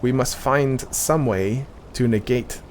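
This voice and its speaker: A man reading out a stern army commander's lines from a game, slowly and deliberately. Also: medium pitch, darkish tone, a little hiss or hum, lightly acted. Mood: solemn.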